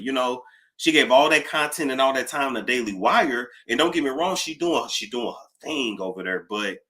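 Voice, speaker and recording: Chatty male livestream host with a bright, forward voice; animated and talkative. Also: mid-range voice. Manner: animated, chatty, reading out donor thanks. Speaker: YouTube gossip host. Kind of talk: casual livestream chat.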